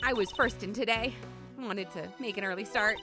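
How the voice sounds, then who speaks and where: A woman voicing a timid, nervous female crew member who speaks low and shaken, over loud game music. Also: normal speed, natural voice. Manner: stammering, shaken.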